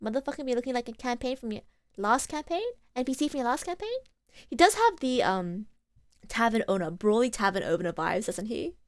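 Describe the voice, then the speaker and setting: A woman's voice: on the high side, lively intonation, fairly quick, dry recording. A woman streaming a game, chatting casually and rambling between laughs. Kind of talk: casual gameplay commentary.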